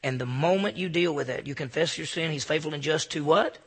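A man's voice: on the high side, a little fast, fairly bright tone, breathy edge, big-room sound. A man giving an earnest, informal devotional talk to a group in a room, often stammering and restarting his sentences. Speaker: Christian speaker.

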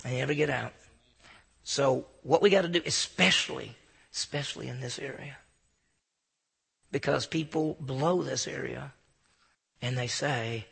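A man's voice: medium pitch, unhurried, gravelly, long pauses, fairly bright tone, slightly rough, long reverb tail. A man giving an earnest, informal devotional talk to a group in a room, often stammering and restarting his sentences. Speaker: Christian speaker.

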